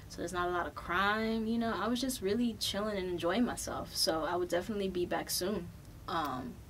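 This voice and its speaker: A young adult woman hosting a podcast, telling a travel story in a loose, animated way with plenty of swearing. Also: fairly low pitch, a little hiss or hum. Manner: profane, animated, loose and chatty. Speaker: podcast host. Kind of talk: casual storytelling.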